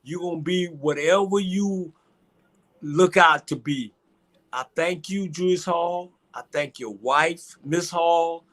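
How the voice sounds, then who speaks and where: An older man hosting a show, crying as he gives a halting, emotional tribute and often repeats his words. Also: fairly high pitch, a bit bright. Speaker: show host.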